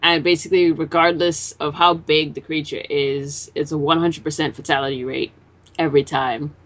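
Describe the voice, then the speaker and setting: A woman's voice: low voice, fairly even intonation, moderate pace. A woman in a casual podcast chat, recapping a manga chapter and acting out the characters' lines as she swears casually. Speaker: podcast co-host.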